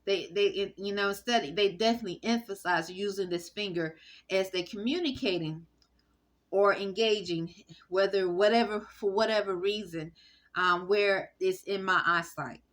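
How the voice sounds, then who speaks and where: Bright-voiced woman, rambling monologue. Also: mid-range voice. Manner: rambling, halting, with frequent fillers and restarts. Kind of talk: casual spoken monologue.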